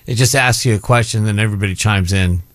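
A man's voice: fairly low pitch, fast, fairly bright tone, no room sound. A middle-aged man hosting a casual chat show, rambling and often breaking off mid-sentence. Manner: rambling, self-interrupting, chatty. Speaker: show host.

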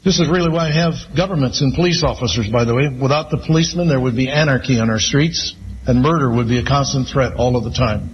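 Man preaching a slow, emphatic sermon. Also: mid-range voice, dull audio, slight background noise. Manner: slow, emphatic preaching with Scripture read aloud. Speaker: pastor.

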